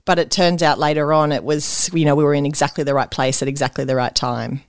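Woman, lowish voice, dry close sound, interview host. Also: little pitch movement, quick pace, no room sound. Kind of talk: casual interview conversation.

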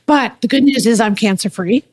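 A woman comedian chatting as a podcast guest, telling stories in a quick, wry, animated way, with a slightly scratchy voice. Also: fairly high pitch, slightly rough. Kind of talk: casual chat.

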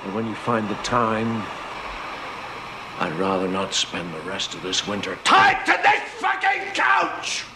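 An actor playing an exasperated grown man tied to a couch, weary at first and then shouting, heard from a noisy film soundtrack. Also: lowish voice, wildly swooping pitch, a little slow, creaky, heavily acted.

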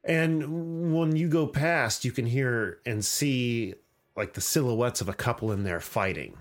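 A man's voice: mid-range voice, unhurried. A man hosting a podcast, telling a story in casual chat, swearing and laughing as he goes. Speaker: podcast host.

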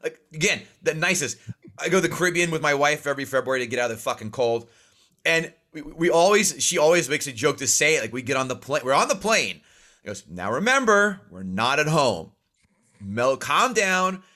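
Fast-talking North Jersey man. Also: on the high side. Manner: fast, animated storytelling with swearing. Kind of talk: casual chat.

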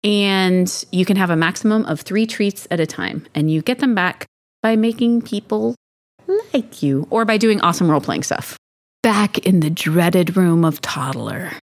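A woman's voice: medium pitch, moderate pace. A woman narrating and running a tabletop role-playing game as game master, encouraging her players.

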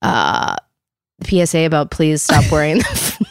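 A woman's voice: sits low, unhurried, clean tone, dry recording. Woman in her 30s gabbing away, says like a ton, acts out the quotes, dead dry mic. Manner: animated storyteller, heavy "like", acts out quotes. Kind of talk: casual chat.

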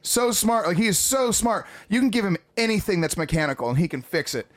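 A man tells stories on a casual podcast, acting out other people's lines and breaking into laughter. His voice sits a little high for a man, and his delivery stays loose and lively. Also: brisk. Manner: animated storyteller, acts out quotes, laughs a lot. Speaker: podcast co-host.

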